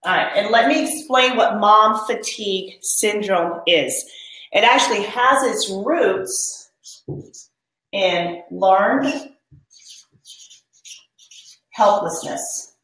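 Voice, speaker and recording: A woman's voice: medium pitch, slow, pauses often, a bit bright. A woman with a drawl coaches mothers on a live stream, reading their comments aloud and leading them through a spoken commitment. Her voice sits in a middle register. It carries a noticeable echo from the room around her. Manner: reads viewer comments aloud and leads a spoken pledge. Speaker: mom coach hosting a live online workshop.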